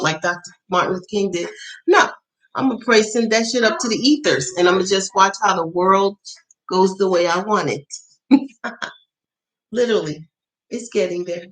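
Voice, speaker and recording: Poor audio carries a woman's medium-pitched, fairly bright voice as she hosts a casual tarot livestream. Her storytelling is blunt and full of swearing and laughter, and she acts out things she once said in quoted voices.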